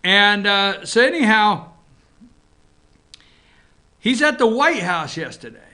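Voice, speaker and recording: A man's voice: high-pitched, sing-song, slow pace, bright, forceful tone. A man hosting a casual morning show from an office, joking around and talking to his crew. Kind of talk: casual talk-show commentary.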